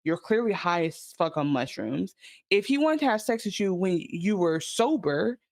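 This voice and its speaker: Una mujer que co-presenta un pódcast, comentando un episodio en charla informal y animada, con muchas muletillas y palabrotas. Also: female voice, lowish voice, moderate pace, no room sound, clean studio sound. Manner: animated, many fillers, swearing. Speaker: podcast co-host. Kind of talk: casual recap chat.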